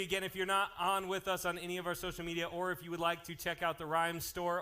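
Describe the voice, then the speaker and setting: A man working as a youth pastor, making lively, joking announcements and telling stories to a live youth group. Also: fairly high pitch. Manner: energetic, joking, jumps between topics.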